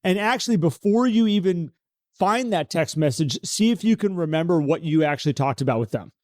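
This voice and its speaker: A man co-hosting a podcast in casual conversation, animated and acting out the voices he quotes. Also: a little high, a little fast, no echo, clean studio sound. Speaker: podcast co-host.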